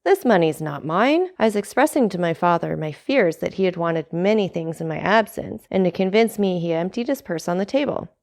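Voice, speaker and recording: A woman's voice: lowish voice, lively intonation, a little fast, creaky, few pauses, darkish tone. Dantès, earnest young sailor read by a woman. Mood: cool. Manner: heartfelt, urgent pleading. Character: young male sailor, earnest and devoted son. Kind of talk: audiobook character reading.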